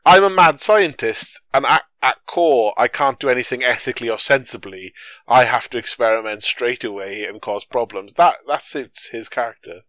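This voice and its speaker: A man's voice: medium pitch, normal speed, fairly bright tone, dry recording. Rambling man reviewing films. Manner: rambling, jokey, with many restarts. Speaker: podcast co-host. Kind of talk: casual film review chat.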